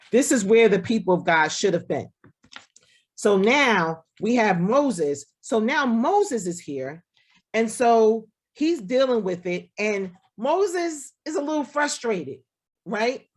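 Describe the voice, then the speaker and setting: A woman pastor preaches over a video call, her pitch swinging up and down as she talks. She keeps the tone conversational, tossing in "right?" and acting out the voices of the people she quotes. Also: very animated, moderate pace, slightly rough. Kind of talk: sermon.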